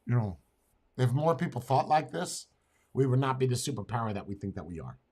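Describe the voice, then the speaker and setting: An American man streaming, reacting to a clip with profane, mocking rants that flare into shouting. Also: medium pitch, very animated, a little fast, breathy edge. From United States. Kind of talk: heated reaction commentary.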